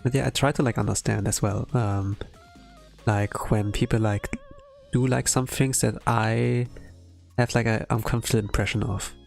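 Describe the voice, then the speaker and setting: A man's voice: lowish voice, steady tone, moderate pace, gravelly, darkish tone, faint music behind. A man streaming himself drawing, chatting casually and rambling with lots of "like" and "um" fillers. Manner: rambling, heavy use of "like" and "um". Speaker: art streamer. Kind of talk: casual chat while drawing on a livestream.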